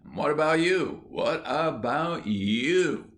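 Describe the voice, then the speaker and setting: A man's voice: on the low side, animated, measured pace, a bit bright. A man voicing a quarrelsome schoolboy who answers with sarcasm and argues back in an audiobook. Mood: argumentative. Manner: sarcastic, argumentative.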